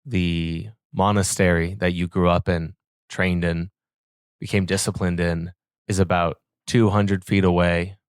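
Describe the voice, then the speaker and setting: A man narrating a tabletop game as game master with slow, descriptive scene-setting. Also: deep voice, level tone, clean tone, no echo, clean studio sound.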